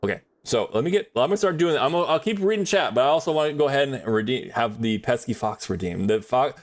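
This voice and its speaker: A man's voice: mid-range voice, expressive, quick pace. A man chatting casually on a livestream while drawing, rambling in a friendly way with many fillers and restarts.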